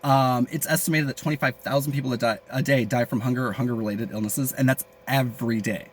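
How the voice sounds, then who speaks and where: A man's voice: medium pitch, fairly even intonation, fast talker, a little hiss or hum. A man rambling crudely and jokingly in a casual vlog, with many fillers and asides. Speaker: vlogger.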